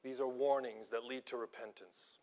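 An informal sermon comes from a man who preaches and teaches school, recounting his teaching experiences with energy and humor at his own expense. His mid-range voice holds a moderate pace, going soft for asides and loud for emphasis.

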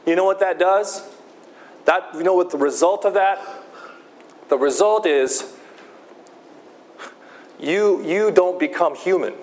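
A man preaching a sermon, slow and emphatic, often repeating his key phrases. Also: on the high side. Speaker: pastor.

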